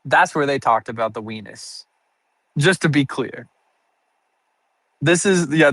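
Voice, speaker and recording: Young male streamer, casual rambling chat, bright forceful tone, close dry mic. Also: mid-range voice, expressive, unhurried, pauses often, no echo. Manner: rambling and self-amused, laughing often.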